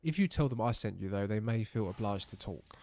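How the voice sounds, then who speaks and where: A man's voice: on the low side, animated, a little fast. A man reading as a weary old rebel elder. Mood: grave. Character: stern aging male rebel elder, weary.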